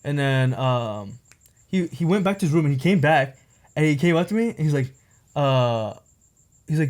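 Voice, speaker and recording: A young man tells a rambling story on a podcast. He talks fast, at a middle pitch, and keeps filling gaps with filler words and tag questions. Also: darkish tone. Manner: rambling, packed with "like" and "right?". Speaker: podcast co-host. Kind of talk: casual storytelling chat.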